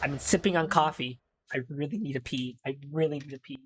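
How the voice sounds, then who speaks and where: A man's voice: fairly high pitch, fast talker, a little hiss or hum. A young man chatting casually on a game stream, swearing now and then.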